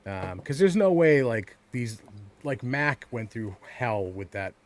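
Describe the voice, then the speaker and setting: A man's voice: mid-range voice, sing-song, slow. A man co-hosting a podcast in casual chat, rambling with frequent stammered restarts and swearing. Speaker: podcast co-host.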